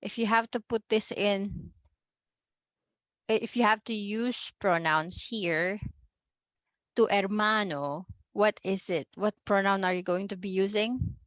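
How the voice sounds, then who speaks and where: A Filipino-accented woman leads an online class at an unhurried pace and talks patiently through each point. She slips between English and Tagalog and keeps checking in with her students. Her computer mic sounds close and dry. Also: mid-range voice, fairly bright tone, dry recording. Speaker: Spanish teacher.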